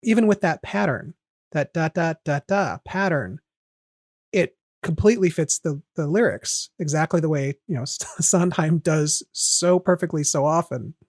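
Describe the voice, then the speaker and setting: A man's voice: on the high side, a little slow, a little mellow, no echo, clean studio sound. A man hosting a podcast, walking step by step through a song's melody in casual, analytical talk. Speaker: podcast host. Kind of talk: casual music analysis chat.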